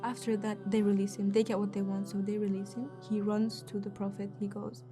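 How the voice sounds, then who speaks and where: A young woman from East Turkestan, speaking softly and hesitantly as an interview guest, with frequent fillers. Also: medium pitch, little pitch movement, normal speed, hardly any pauses, music in the background. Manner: soft-spoken, hesitant with fillers. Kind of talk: personal interview.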